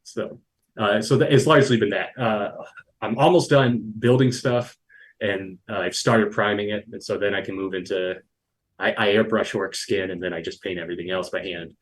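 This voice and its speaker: A man guest on a podcast, describing his hobby in an unhurried way full of fillers. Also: lowish voice, low-quality recording. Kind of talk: casual hobby chat.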